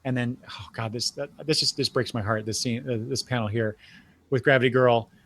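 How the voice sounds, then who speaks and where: A man's voice: mid-range voice, fairly even intonation, a little fast, a bit bright. An older man hosting a podcast, recapping comic book scenes in a casual chat with frequent restarts and fillers. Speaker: podcast host.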